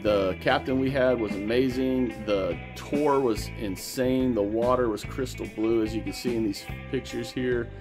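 A man's voice: mid-range voice, normal speed, hardly any pauses. Enthusiastic man vlogging over music. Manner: chatty and enthusiastic. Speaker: gardening vlogger. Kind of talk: casual vlog narration.

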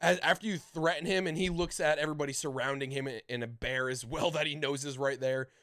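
A man running a tabletop role-playing game as dungeon master, narrating in a casual, halting way with frequent restarts. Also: on the high side, steady tone, a bit bright. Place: home streaming setup.

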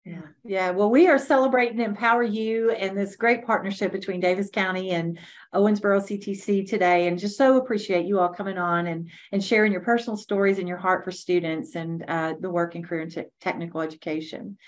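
A woman's voice: mid-range voice, fairly even intonation, a little fast. Woman moderator wrapping up a webinar.

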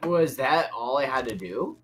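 A young man giving excitable game commentary, rambling and yelping in panic. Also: medium pitch, measured pace, slight background noise. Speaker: gaming YouTuber.

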